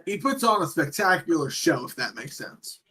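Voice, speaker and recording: A man's voice: a little high, big pitch swings, moderate pace, pushed and bright, poor audio. A young man chatting casually as co-host of a watch-along, rambling with lots of hesitant fillers.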